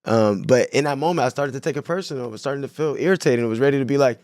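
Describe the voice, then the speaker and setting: A man's voice: medium pitch, racing, a little mellow, no echo. A young man from San Diego, a guest telling stories in a casual podcast interview, laid-back and full of slang. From San Diego, California. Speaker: guest, clothing brand owner.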